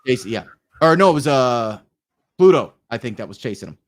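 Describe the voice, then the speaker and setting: A man's voice: medium pitch, sing-song, brisk. A man co-hosting a casual fan podcast, reacting with short comments and laughs. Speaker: podcast co-host. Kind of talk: casual chat.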